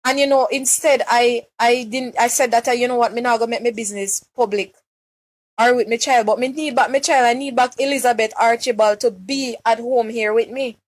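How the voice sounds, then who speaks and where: A Jamaican woman speaks on a live stream with a fairly high voice, upset and pleading. She halts often, repeating words and restarting her sentences as she appeals for help. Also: fairly even intonation. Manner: distressed, halting, many restarts and repeated words. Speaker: mother making a public appeal.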